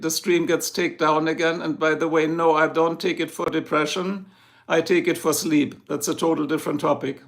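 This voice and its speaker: Gravelly German man hosting a live chat. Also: on the high side, a bit bright. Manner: chatty, joking, greets viewers by name. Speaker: livestream host. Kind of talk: casual live chat reading comments. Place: home in Ohio.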